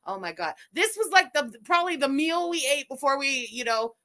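A woman streamer giving loud, animated, swearing reaction commentary while watching a video, laughing often. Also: high voice, brisk. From Canada.

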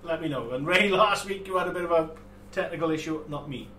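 A man's voice: on the high side, quick pace, bright, forceful tone, far from the mic. Chatty man in an echoey workshop. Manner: chatty, laughing, with many restarts and fillers. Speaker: host of a live model-making stream. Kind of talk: casual livestream chat. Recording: echoey room, voice from off the mic, faint room noise.

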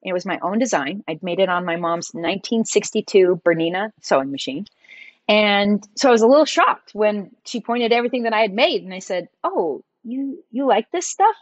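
A middle-aged woman, a podcast guest, telling her story in a lively conversational way. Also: mid-range voice, fairly quick, dry recording. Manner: animated, acts out quoted dialogue in her stories. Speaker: podcast guest, entrepreneur and designer.

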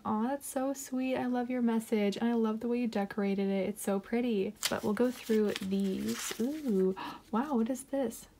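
A woman vlogger opening mail and chatting casually, gushing with excitement and gasping over each item. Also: on the high side, moderate pace. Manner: gushing, excited, with gasps and soft asides. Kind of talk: casual unboxing chat.

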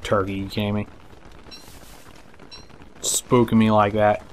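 Excitable, cursing man narrating a game. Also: on the low side, a little slow, slight background noise. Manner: excitable, swears and laughs, talks to game creatures. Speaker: gameplay commentator. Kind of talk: casual let's play commentary.

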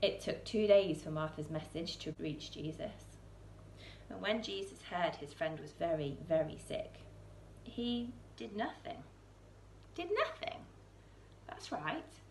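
Female storyteller reading a children's book aloud, expressive, low-pitched, roomy church with faint hiss. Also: unhurried, gravelly. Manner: expressive, with soaring questions and hushed lines.

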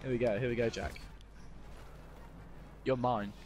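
A young man playing an online shooter with a friend, loud and excitable, swearing and laughing often. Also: mid-range voice, measured pace. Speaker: gamer streamer. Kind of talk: excited gaming banter.

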